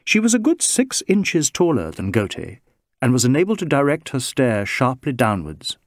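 A man reading a novel aloud as narrator, in a measured, expressive manner. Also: medium pitch, no echo, clean studio sound. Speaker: audiobook narrator. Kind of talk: scripted narration.

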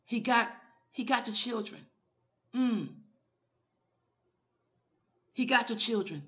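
Fervent woman preaching, bright voice. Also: mid-range voice, lively intonation, measured pace, long pauses, dull audio. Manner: fervent, repeats calls to the listener. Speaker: minister. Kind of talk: informal online sermon.

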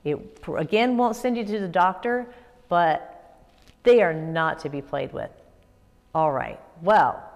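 A woman children's pastor giving a kids' church lesson, upbeat and expressive as she tells stories to children. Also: fairly low pitch. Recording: echoey room with long reverb.

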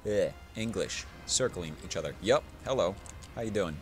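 Tipsy, swearing low-voiced man gaming. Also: expressive, normal speed. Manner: profane, rambling, mock-dramatic pleading. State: tipsy from drinking. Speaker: let's play gamer. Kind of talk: casual let's play commentary. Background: video game music.

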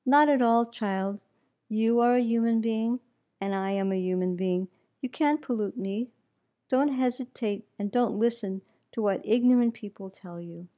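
A woman reading the part of a kind, gentle male hermit, speaking quietly and reassuringly. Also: a little high, measured pace, lightly acted.

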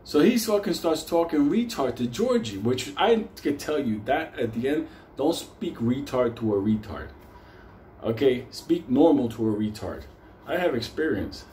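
The recording carries roomy echo and faint noise as a man at medium pitch and a measured pace spins a casual yarn. He's animated, swears constantly and laughs his way through it.

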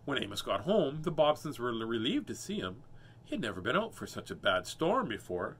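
A man's voice: medium pitch, sing-song, brisk, a bit bright, slight background noise. A man reading a children's book aloud as host, breaking off for playful, self-mocking jokes. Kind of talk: storybook read-aloud with joking asides.

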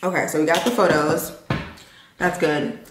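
A woman's voice: sits low, fairly even intonation, moderate pace, background noise. A young woman, chatting casually to the camera in a vlog and laughing often. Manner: chatty, laughs often, talks straight to viewers. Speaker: vlogger. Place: at home, then a restaurant.

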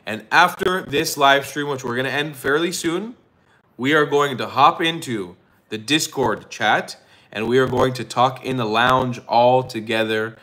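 Bright, brash male livestream host. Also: medium pitch, rough recording. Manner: loud, joking hype-man delivery with swearing. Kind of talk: casual livestream chat. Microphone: phone hotspot livestream.

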